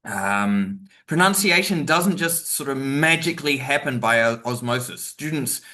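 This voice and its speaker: Guy teaching a webinar, bright tone, lots of ums and asides. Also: mid-range voice, animated, unhurried. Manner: chatty, many fillers and asides; acts out stressed example sentences. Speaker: teacher trainer.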